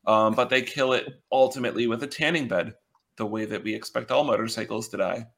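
A man co-hosting a podcast, talking casually and haltingly with many ums. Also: medium pitch, gravelly, a bit bright. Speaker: podcast co-host. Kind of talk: casual chat.

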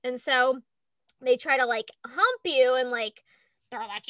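A woman's voice: sits high, unhurried, dry recording. A young woman telling stories in a casual chat, acting out voices and laughing often. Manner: animated storytelling, acts out voices, laughs a lot, swears.

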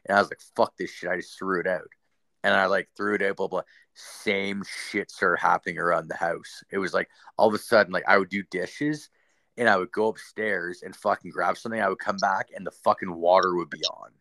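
A man's voice: low-pitched, steady tone, fairly quick, creaky, bright, forceful tone, no room sound. A young man hosting a podcast, telling a story in a loose, rambling way, swearing constantly and leaning on fillers. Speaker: podcast host. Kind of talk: casual storytelling.

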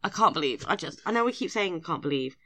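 A woman co-hosting a casual podcast chat, animated and quick to laugh, often trailing off mid-sentence. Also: lowish voice, no echo. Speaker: podcast co-host.

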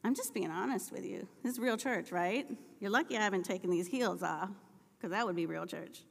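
A woman preaching a sermon in a church, telling personal stories and building to impassioned, shouted appeals. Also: mid-range voice, fairly quick, gravelly, husky, long reverb tail. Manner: storytelling, rising to impassioned shouting. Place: church sanctuary.

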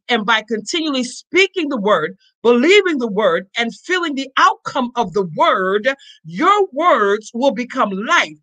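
Fervent high-voiced woman preacher. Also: low-quality recording. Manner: call-and-response exhortation to congregation; fervent, rising to shouts. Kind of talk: sermon.

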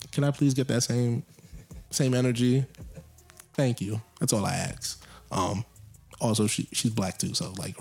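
A man's voice: medium pitch, a little mellow. A young man chatting casually on his podcast, joking and going off on rambling rants about his pet peeves. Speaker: podcast co-host. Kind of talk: casual chat.

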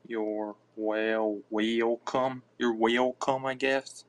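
A man hosting a podcast, chatting casually and offhandedly in a halting, mumbling way. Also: mid-range voice, level tone. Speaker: podcast host. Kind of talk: casual live-stream chatter.

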